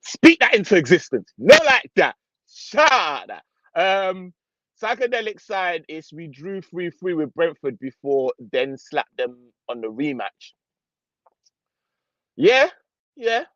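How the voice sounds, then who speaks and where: A young man hosting a casual live football stream, reading out viewer comments in relaxed slang. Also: on the high side, takes it slowly, dry recording, lo-fi sound. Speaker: football channel host.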